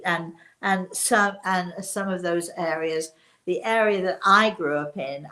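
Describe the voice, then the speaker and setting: A woman's voice: on the low side, a bit bright. Chatty English woman telling a story. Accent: softened English, not strongly local. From Leicester, England. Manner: chatty, many restarts and fillers. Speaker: spiritual medium host. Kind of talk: casual storytelling.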